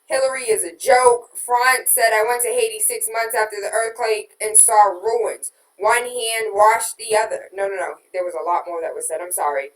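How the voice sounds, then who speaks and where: A woman hosting a radio talk show, reading out listener comments and venting in an exasperated, emphatic way that swings from loud outrage to quiet disbelief. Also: medium pitch, steady tone, moderate pace, hardly any pauses. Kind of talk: casual political talk. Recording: roomy and distant from the mic.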